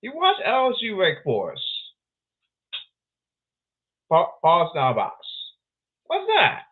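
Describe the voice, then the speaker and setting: A man hosts a casual solo podcast, rambling and excitable and looping back over the same phrases. His delivery is slow, with a pitch that swings widely. The sound is thin and tinny, like a phone line. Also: slightly rough. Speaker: podcast host.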